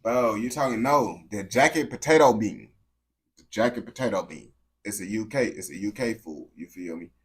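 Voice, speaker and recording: Slangy young man chatting with a game character. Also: lowish voice. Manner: slangy, repetitive, swings between mumbling and excited yelling. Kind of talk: casual chat with a game character.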